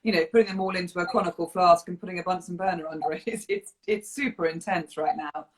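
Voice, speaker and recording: A woman's voice: lowish voice, steady tone, fast talker. Chatty woman interviewer. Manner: chatty and affirming, laughs easily. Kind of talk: interview over video call.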